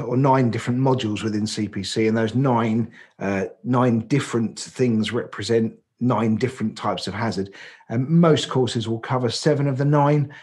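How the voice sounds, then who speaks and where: A man's voice: medium pitch, a little mellow. An English man co-hosting a podcast, explaining licence training at length in casual chat, with frequent fillers and self-corrections. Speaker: podcast co-host.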